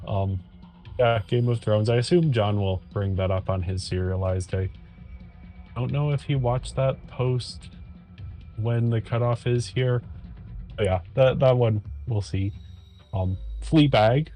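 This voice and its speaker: A man with a lowish voice talks casually in an easygoing way, pausing often with ums. Faint music plays under the recording. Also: warm tone. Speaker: co-host. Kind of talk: casual chat.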